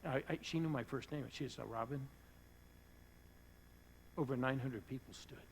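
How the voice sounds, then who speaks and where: Gravelly guy preaching in church, earnest, gets real soft sometimes, faint hiss behind. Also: medium pitch, normal speed, low-quality recording. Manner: earnest, drops to soft hushed tones for emotional moments. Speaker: pastor. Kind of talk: sermon storytelling.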